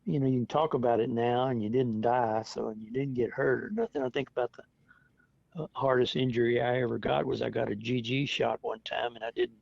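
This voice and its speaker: Gravelly older man telling old stories. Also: medium pitch, fairly even intonation, a little fast, a little mellow, no room sound. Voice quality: gravelly, husky. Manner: chatty, laughs often, acts out quotes. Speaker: veteran interviewee. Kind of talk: oral history storytelling. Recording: dull lo-fi dry recording.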